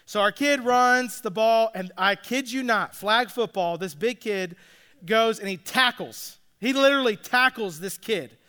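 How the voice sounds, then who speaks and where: A man's voice: high-pitched, a little slow, pushed and bright, clean tone. A man who coaches youth flag football and is a father, telling a story casually and checking in with his listeners as he goes. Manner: chatty, checks in with listeners with "all right?" and "like".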